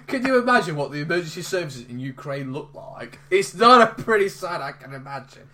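High, lively-voiced man reading news for laughs. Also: normal speed, noisy background. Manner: laughs through his reading, animated. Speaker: podcast co-host reading news stories. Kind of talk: casual comedic podcast chat.

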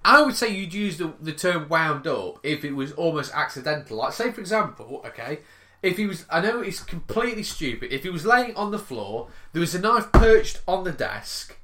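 A man co-hosting a podcast, rambling and animated, laughing and swearing as he reads stories. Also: a little high, normal speed. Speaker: podcast co-host reading news stories. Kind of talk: casual podcast banter.

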